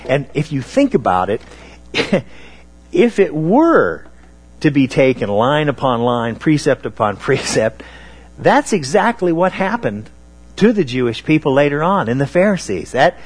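Halting man preaching a sermon. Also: a little high, sing-song, breathy edge. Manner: halting, many fillers and restarts.

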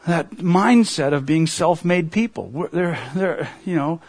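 A middle-aged man preaching a sermon, earnest and emotional, his voice climbing toward a near shout at the high points. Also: measured pace. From United States. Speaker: pastor.

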